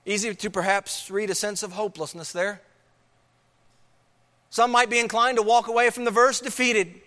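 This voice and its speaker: A man's voice: sits high, fairly even intonation, moderate pace, bright, forceful tone, long reverb tail. A man preaching a sermon, emphatic, repeating key phrases and asking rhetorical questions.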